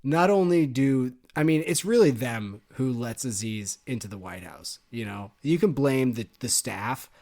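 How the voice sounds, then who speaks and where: A man's voice: mid-range voice, lively intonation, unhurried, few pauses, darkish tone. A man co-hosting a book-club podcast, picking apart a story with sarcastic, ranting critique. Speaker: podcast co-host. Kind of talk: casual book-club discussion.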